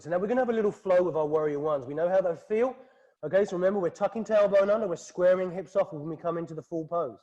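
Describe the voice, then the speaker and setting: British guy with a high voice, calm steady yoga cues, studio class. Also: muffled recording. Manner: calm, steady breath-paced instructions. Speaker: yoga instructor.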